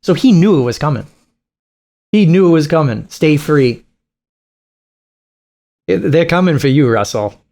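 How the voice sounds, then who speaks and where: Animated, mocking male reaction streamer. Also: on the high side, measured pace, vocal fry, pauses often. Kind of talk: reaction commentary.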